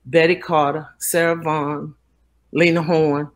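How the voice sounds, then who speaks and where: An older actress in a casual interview, telling lively stories and acting out the people she quotes. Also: sits low, measured pace. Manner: animated storyteller, acts out quoted voices.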